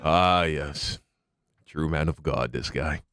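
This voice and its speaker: A man's voice: very deep voice, slow pace, a bit bright. A man hosting a reaction video, with sardonic commentary and an earnest appeal to viewers. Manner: sardonic, then earnest and pleading. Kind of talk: casual commentary.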